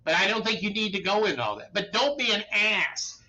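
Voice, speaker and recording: Folksy, bright-voiced attorney. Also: male voice, high voice, big pitch swings, brisk, dull audio. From Texas. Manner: folksy, emphatic, keeps asking "okay?". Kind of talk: informal legal advice talk.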